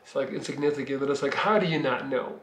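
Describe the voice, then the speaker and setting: A man's voice: mid-range voice, quick pace, roomy sound. A Belgian man, telling a long, rambling personal story in a casual vlog from his living room, swearing freely. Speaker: vlogger.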